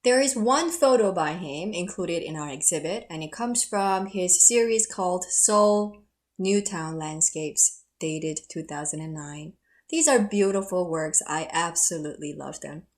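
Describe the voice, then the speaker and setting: A woman's voice: on the low side, a little slow. A middle-aged woman giving a history lecture and telling personal stories, laughing at herself now and then. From South Korea. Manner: warm, storytelling, laughs at herself.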